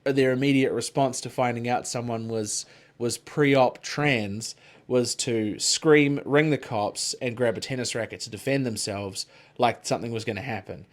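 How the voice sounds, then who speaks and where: A man's voice: mid-range voice, moderate pace. A man co-hosting a podcast, rambling in casual chat, swearing freely and padding his talk with filler words. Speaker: podcast co-host.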